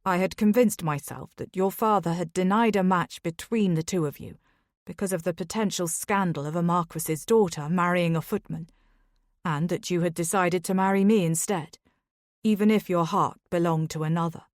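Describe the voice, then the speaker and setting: A woman's voice: fairly low pitch, normal speed, dry recording, studio quality, natural voice. A woman voicing a grave, remorseful aristocratic husband in Victorian society. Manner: grave, hoarse-edged apology.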